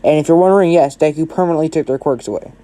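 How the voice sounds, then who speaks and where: A man's voice: a little high, very fast, mellow. A man narrating an improvised fan story in a rambling way, swearing and tagging lines with "right?". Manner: rambling, swears a lot, keeps saying "right?".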